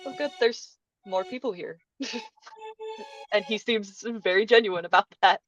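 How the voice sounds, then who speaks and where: A woman player in a tabletop game, describing her character in a halting, giggly way with many fillers. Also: medium pitch, highs cut off, faint music behind. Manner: hesitant, giggly, lots of fillers.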